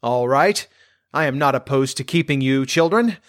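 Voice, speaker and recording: A man voicing a menacing old female witch in a storybook reading, with a shrill, strange-sounding voice. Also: expressive, normal speed, close to an everyday voice.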